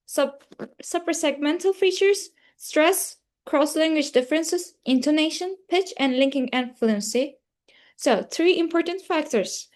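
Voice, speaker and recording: Young Turkish-accented woman, high voice, student presenter, hesitant and self-correcting. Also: darkish tone. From Turkey. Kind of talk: class presentation.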